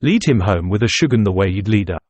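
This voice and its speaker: A man voices a brutish young student who talks in blunt, scornful jabs in this audiobook. At times his voice jumps up sharply. The low, husky delivery is recorded close and dry. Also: lively intonation, fast, darkish tone, dry recording. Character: rude, brutal young male student.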